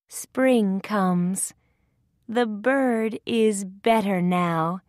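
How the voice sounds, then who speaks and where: A woman reads a children's story aloud in short, simple sentences. She speaks very slowly and clearly so young listeners can follow. The recording is dry and close. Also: mid-range voice, a little mellow, dry recording.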